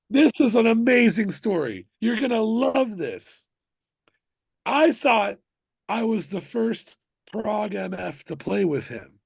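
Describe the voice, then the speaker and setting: A man with a gravelly, slightly husky voice chats about his music career, swinging into excited, animated storytelling. His voice sits close and dry on the mic, with no room sound around it. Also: high-pitched, dry recording. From United States (Miami). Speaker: musician guest. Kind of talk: casual interview chat.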